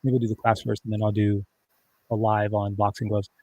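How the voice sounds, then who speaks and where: A man's voice: lowish voice, monotone, brisk, darkish tone, dry recording. A man hosting a casual livestream, talking in a rambling, conversational way with many restarts and fillers. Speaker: livestream host.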